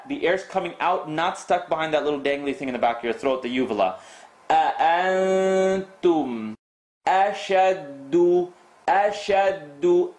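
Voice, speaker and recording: Guy teaching tajweed, slightly high voice, repeats sounds over and over, corrects you patiently. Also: reverberant. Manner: instructive, repeats and drills sounds slowly, corrective. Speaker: Quran recitation teacher. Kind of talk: tajweed lesson with recited demonstrations.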